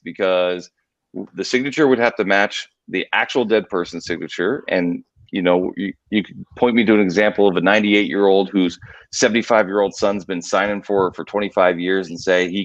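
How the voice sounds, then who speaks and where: Low-voiced man explaining carefully, lo-fi sound. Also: dry recording. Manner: measured, hedging, explanatory. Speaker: guest. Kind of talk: podcast discussion. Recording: dull lo-fi remote audio.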